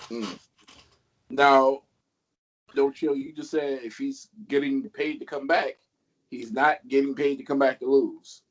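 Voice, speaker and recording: A man's voice: medium pitch, steady tone, a little slow, pauses often, muffled recording. A man co-hosting a casual wrestling podcast, teasing the others and questioning them. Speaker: podcast co-host.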